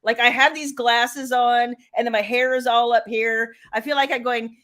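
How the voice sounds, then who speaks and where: A woman's voice: on the high side, fairly even intonation, normal speed, fairly bright tone. A middle-aged woman author hosting a casual livestream, chatting, laughing and greeting viewers by name. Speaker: author and live show host.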